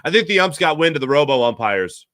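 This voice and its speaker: A man's voice: on the high side, fast talker, dry recording, clean studio sound. A man hosting a postgame baseball show, talking casually and emphatically with his live chat. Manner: animated, emphatic, repeats himself for effect. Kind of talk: casual sports talk, reading live chat.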